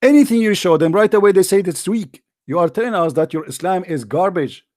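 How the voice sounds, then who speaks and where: A man's voice: sits high, expressive, a little fast, darkish tone, dry recording, clean studio sound. A man hosting a heated call-in debate, talking in a combative, mocking way and repeating his phrases insistently. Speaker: host of a call-in debate show.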